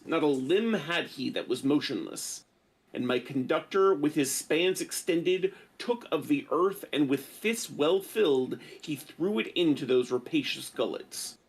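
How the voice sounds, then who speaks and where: A man reading translated classic verse aloud at a measured pace, then chatting casually as the discussion host. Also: on the high side, husky.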